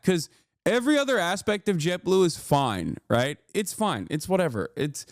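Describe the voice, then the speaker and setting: This man's voice sits high and swings widely in pitch at a normal speed, without echo. He's in his thirties, hosting a livestream and ranting in a heated, profane, filler-heavy way during casual chat, using a studio microphone through a mixer.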